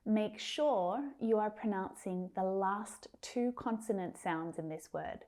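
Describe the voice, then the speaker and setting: A woman with an Australian accent teaching English pronunciation in a scripted lesson. She enunciates single words clearly and carefully and speaks directly to her learners in an encouraging way. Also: mid-range voice, slow pace, hardly any pauses, darkish tone.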